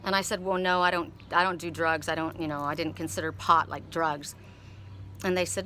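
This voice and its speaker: Rambling, bright-voiced woman telling a story. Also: lowish voice, moderate pace, slight background noise. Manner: rambling, repeats words, emotional. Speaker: tarot card reader. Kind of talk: casual spoken storytelling.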